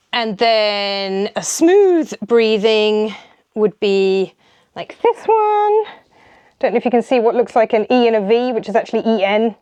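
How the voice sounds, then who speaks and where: A woman's voice: medium pitch, a little mellow, muffled recording. A woman speaks casually to camera, recorded close on a clip-on lapel mic. She explains in a chatty, meandering way, wanders off on tangents and laughs at herself along the way. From Ireland. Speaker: language vlogger.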